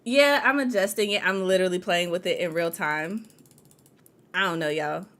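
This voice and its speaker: A woman hosting a casual livestream chat, chatty and quick to laugh as she talks straight to her viewers. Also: lowish voice, a bit bright. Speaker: podcast host.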